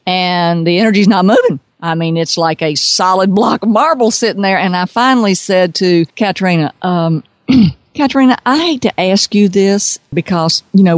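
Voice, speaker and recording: A woman's voice: on the low side, no echo. A woman working as an intuitive consultant, telling a story with animation and acting out the voices in it. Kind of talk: storytelling on a radio podcast.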